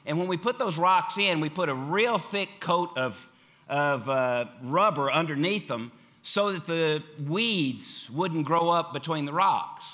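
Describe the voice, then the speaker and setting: Bright-voiced man preaching a sermon. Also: on the high side, animated, a little slow. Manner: emphatic, repeats key phrases, swings from loud to hushed. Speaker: pastor. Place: church sanctuary.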